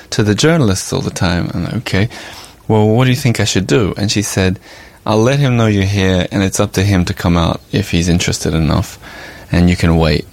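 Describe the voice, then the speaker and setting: A man's voice: low-pitched, fairly quick, creaky, a little mellow, no room sound. A man hosting a podcast, telling a story in a casual, chatty way with asides and fillers. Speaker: podcast host and journalist.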